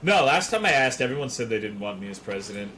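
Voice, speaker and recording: A man's voice: medium pitch, very animated, fast, sharp tone, a little hiss or hum. A man streaming a video game, chatting casually with his viewers in profane, joking banter. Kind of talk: casual chat with viewers while gaming.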